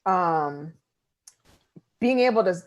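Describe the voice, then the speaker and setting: A woman's voice: fairly low pitch, lively intonation, slow pace, dull audio. A woman from upstate New York co-hosting a casual podcast conversation, chatty and often laughing.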